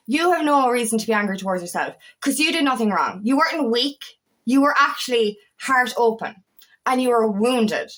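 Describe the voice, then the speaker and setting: A woman's voice: on the high side, fairly bright tone, poor audio. A young adult woman, a feminine empowerment coach, talking candidly and passionately in a personal vlog, swearing freely and restarting her sentences.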